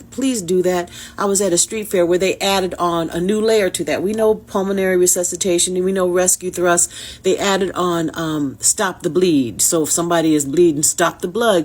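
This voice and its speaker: A woman from Detroit, telling a heartfelt personal story straight to her viewers. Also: medium pitch. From Detroit, USA. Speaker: actress sharing a personal story. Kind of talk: casual inspirational storytelling.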